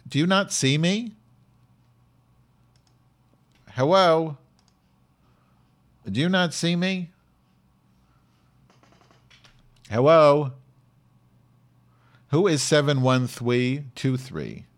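A man's voice: low voice, expressive, moderate pace, pauses often. A man playing a brash, short-tempered woman podcast host who rants sarcastically and swears at the listeners. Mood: irritated. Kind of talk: comedic podcast monologue.

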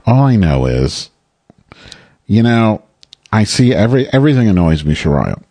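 A man's voice: fairly low pitch, sing-song, moderate pace, mellow, no room sound. Profane ranting man, dry sound. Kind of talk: improvised comedic rant.

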